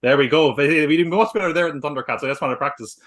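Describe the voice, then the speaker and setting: A man hosting a podcast, relaxed and steering the conversation between topics. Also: fairly high pitch, rapid-fire. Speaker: podcast host.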